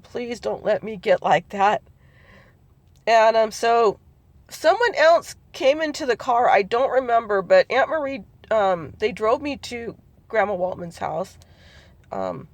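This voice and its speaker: A middle-aged woman with a gravelly, creaky edge recounts a family memory in a halting, rambling way, full of ums and restarts. She slips into the voices of her relatives as she quotes them, and the sound is close and dry. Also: mid-range voice, dry recording. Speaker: family storyteller. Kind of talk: personal recollection.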